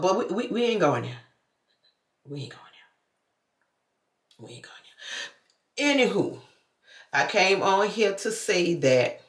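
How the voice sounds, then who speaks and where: A woman's voice: fairly low pitch, a bit bright. A woman, talking casually to her vlog viewers with loose slang and chatty asides. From New Orleans. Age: 50s. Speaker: vlogger. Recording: echoey room.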